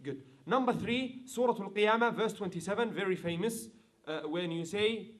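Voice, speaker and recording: Man, high-pitched voice, online class, explains rules, chants verses, checks in with students. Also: normal speed. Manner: checks in with students, asking if it is clear. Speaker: Quran recitation teacher.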